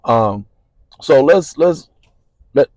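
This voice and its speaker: A man hosting a podcast interview, relaxed and encouraging, with a drawling delivery. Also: medium pitch, drawn-out words, no room sound. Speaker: podcast host. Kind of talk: casual interview.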